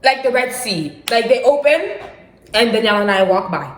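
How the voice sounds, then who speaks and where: A young adult woman casually telling a dramatic personal story for her vlog, animated and slangy with bursts of laughter. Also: fairly high pitch, normal speed, slight background noise. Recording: roomy echo.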